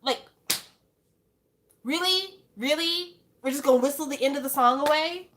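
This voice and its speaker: A young woman in a casual fan monologue, her voice sitting a little high. She talks in an animated, exclaiming way and keeps firing off rhetorical questions. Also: quick pace. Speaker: fan vlogger.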